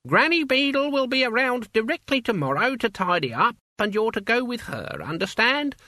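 A frail old witch woman, as a man reads her, brisk and fussy in a matter-of-fact way. Her voice rides high and swings widely, with a bright, sharp edge. The sound is dry and close. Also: big pitch swings, no room sound, full character voice. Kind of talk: audiobook character voice.

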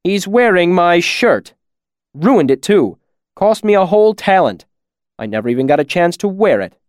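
A man's voice: fairly high pitch, expressive, moderate pace, a little mellow, no echo, studio quality, voice pushed up, close to an everyday voice. A man voicing an angry scribe who speaks in a clipped, cutting way. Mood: indignant. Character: indignant male scribe, sharp-tongued.

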